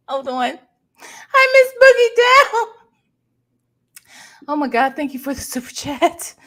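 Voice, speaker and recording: A woman's voice: high-pitched, bright, forceful tone. A woman hosting a casual livestream reaction chat, exclaiming and laughing often. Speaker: livestream host.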